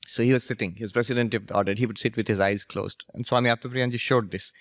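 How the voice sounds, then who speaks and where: A monk and spiritual teacher giving a storytelling lecture, anecdotal and gently humorous. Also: male voice, lowish voice, fairly even intonation, quick pace, no room sound, studio quality. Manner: anecdotal, gently humorous, laughs at his own stories.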